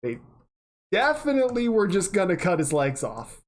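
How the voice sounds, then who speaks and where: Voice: medium pitch, sing-song, a little slow. Rambling, casual livestreamer. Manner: rambling, chatty, swears casually. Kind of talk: casual chat while working on stream.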